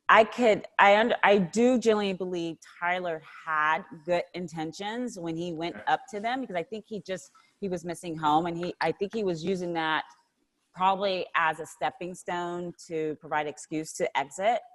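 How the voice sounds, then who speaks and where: Female co-host, slightly low pitch, chatty and emotional, trips over her words. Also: normal speed. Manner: emotional, laughing, self-interrupting. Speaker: podcast co-host. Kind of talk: casual podcast chat.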